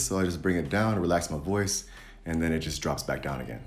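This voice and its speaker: Man, very low voice, easygoing coach tone, faint music underneath. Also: fairly quick. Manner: relaxed, coaching, demonstrates sounds. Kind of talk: casual video lesson.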